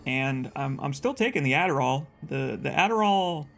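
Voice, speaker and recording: A man's voice: medium pitch, animated, normal speed, vocal fry, fairly bright tone, faint music behind. A young man giving casual let's play commentary, rambling and stumbling over repeated words as he talks.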